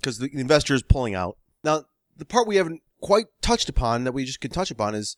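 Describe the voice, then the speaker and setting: Animated storytelling man, dry sound. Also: medium pitch, quick pace, no room sound. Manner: animated, laughs often, acts out quoted calls. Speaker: screenwriter telling a story. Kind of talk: casual podcast storytelling.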